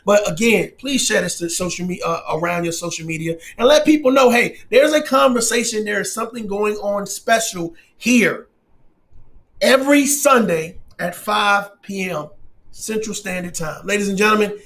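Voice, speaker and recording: Male commentary host, emphatic and preachy delivery, profane, higher-pitched voice. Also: moderate pace, a bit bright. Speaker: channel host. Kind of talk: casual commentary.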